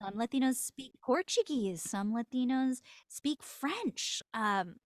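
A woman's voice: sits high, animated, takes it slowly, no room sound, studio quality. A woman voice actor, a podcast guest, telling a story with lots of laughter and acted-out quotes. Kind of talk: casual storytelling interview.

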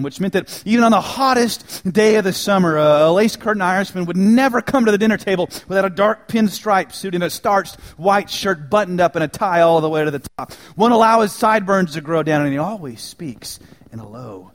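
Man preaching with hushed dramatic swings. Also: high voice, fairly quick, hardly any pauses. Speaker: pastor. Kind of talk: sermon. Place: church.

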